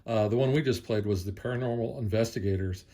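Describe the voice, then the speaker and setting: A middle-aged man in a casual board game review chat, explaining rules in a relaxed way with plenty of ums and uhs. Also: on the low side, fast talker. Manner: relaxed, explanatory, filler-heavy.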